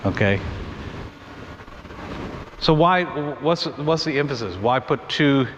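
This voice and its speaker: A man's voice: medium pitch, expressive, a bit bright. A man leads a Bible class at church, explaining at an easy conversational pace with restarts and asides. The recording is muffled, with a long reverb and a faint hiss behind him. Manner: conversational, thinks aloud with restarts and quick asides.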